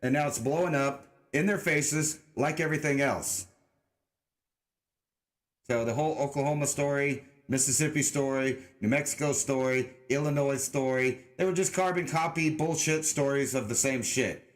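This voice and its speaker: A man's voice: medium pitch, normal speed. A young man hosting a casual livestream, rambling and sarcastic, cursing freely and putting on a joking mock-redneck drawl. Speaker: livestream host.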